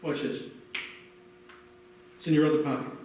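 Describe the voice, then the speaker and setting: A man's voice: moderate pace, a little mellow, slight background noise. A man with an American accent performing a live stage hypnosis show, giving soothing, repetitive commands. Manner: soothing commands, repeats phrases. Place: library event room. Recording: echoey hall from far off.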